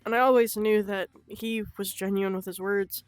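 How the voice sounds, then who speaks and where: A young woman telling her own story in an unscripted vlog, halting and emotional, with frequent swearing. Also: mid-range voice, fairly even intonation, smooth, no echo, faint music behind. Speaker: vlogger.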